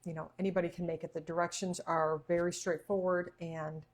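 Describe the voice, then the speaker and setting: A woman's voice: on the low side, flat delivery, fairly quick. Chatty woman hosting a cooking livestream. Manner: chatty, laughs often, talks while eating. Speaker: cooking show host. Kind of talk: casual livestream chat.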